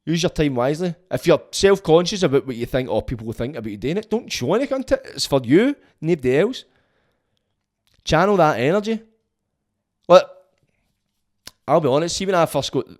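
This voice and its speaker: A man's voice: on the high side, sing-song, normal speed, long pauses, darkish tone. A Scottish man talking bluntly and with plenty of swearing in a casual monologue, giving frank advice as a vlogger.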